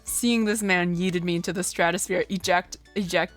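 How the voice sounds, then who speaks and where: A woman's voice: fairly low pitch, fairly even intonation, moderate pace, soft background music. A woman streamer making chatty, joking asides while playing a game. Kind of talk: casual game commentary.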